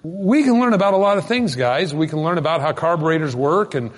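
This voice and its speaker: A man preaching a sermon in a folksy, animated storytelling manner with sudden loud bursts. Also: fairly high pitch, brisk, long reverb tail. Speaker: pastor.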